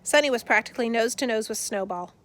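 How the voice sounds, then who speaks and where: A woman narrating a chapter book aloud in a steady, expressive reading. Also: fairly high pitch, fast talker. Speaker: audiobook narrator. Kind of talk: scripted storybook narration.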